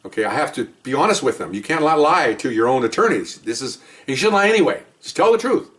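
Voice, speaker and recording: A fast-talking man recounts his police work in loose, rambling storytelling, voicing each side of the conversation as he goes. He sits some distance from the microphone, so his voice sounds a little far off. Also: medium pitch, sing-song, a bit bright. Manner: rambling, conversational, acts out quoted dialogue. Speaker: police officer telling stories. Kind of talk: casual spoken storytelling. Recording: voice distant from the mic.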